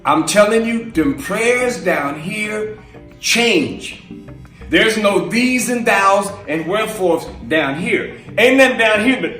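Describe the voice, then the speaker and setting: A man's voice: high voice, animated, slow, sharp tone, reverberant, far from the mic, faint music behind. A man and minister giving a casual, storytelling sermon, chatty and laughing as he acts out voices in his stories. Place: live stream from a roomy space.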